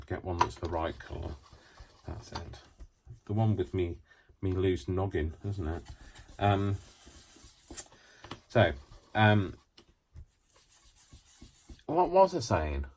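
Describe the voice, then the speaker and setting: A middle-aged man hosting a craft tutorial at home, rambling and joking about himself as he works. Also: sits low. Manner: rambling, self-deprecating, jokey. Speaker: craft channel host. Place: home craft space, seated.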